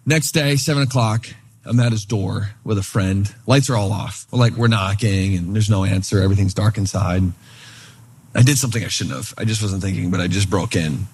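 A man preaching a sermon in a relaxed, conversational way, telling a story and voicing the people in it. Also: lowish voice, fairly quick, breathy edge. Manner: conversational, animated retelling with quoted voices. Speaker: pastor.

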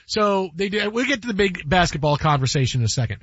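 A man's voice: high voice, big pitch swings, fast talker, a bit bright, breathy edge, dry recording, lo-fi sound. A man hosting a sports radio show, chatting casually and joking, often slipping into quoted voices. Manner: jokey, rambling, breaks into quoted voices.

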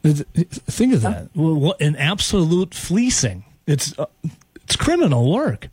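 A sports radio host from the area trades jokes and quick asides with his co-host. His voice sits a bit high. The studio sound is dry and close. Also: sing-song, darkish tone, breathy edge, dry recording. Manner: joking, teasing, quick asides. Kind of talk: casual sports radio banter. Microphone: studio microphone.

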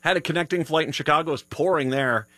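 A man's voice: on the high side, quick pace, a bit bright, no echo. A tired man hosting a live radio show, chatting casually and rambling with many restarts. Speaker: radio host. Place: radio studio.

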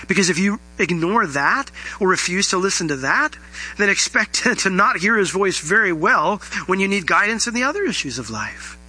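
A man's voice: high voice, bright, forceful tone, low-quality recording. A male pastor giving a conversational sermon, acting out little bits of dialogue as he explains scripture.

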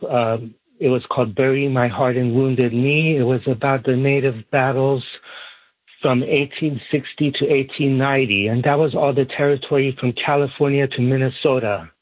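A man phones in to a talk radio show and wanders through his point with plenty of fillers and false starts. His voice is a touch husky. It comes through a thin, tinny phone line with a dry sound. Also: mid-range voice, no room sound. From Iran. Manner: rambling, many fillers and restarts. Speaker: caller.

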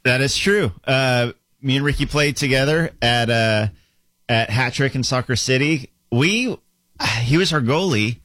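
A man's voice: mid-range voice, measured pace, a bit bright, dry recording. Easygoing man with a teasing laugh. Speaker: podcast co-host. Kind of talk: casual sports chat.

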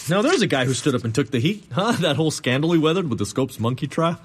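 Young male solo stage performer, very expressive swoops, animated narration. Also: on the high side, fast talker, hardly any pauses, husky. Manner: vivid, animated storytelling. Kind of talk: one-man theatrical monologue.

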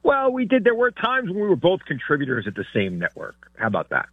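A man's voice: sits high, fast talker, husky, dry recording. A man calling in as a guest, teasing the host in talk radio banter. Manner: teasing, lively. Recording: tinny phone line.

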